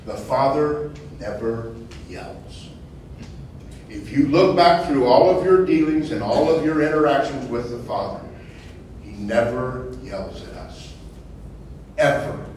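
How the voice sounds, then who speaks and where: A man preaching informally to a small group, conversational, repeating phrases and asking rhetorical questions, building to loud emphatic bursts. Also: medium pitch, lively intonation, slow, long pauses. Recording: echoey room from far off, faint noise.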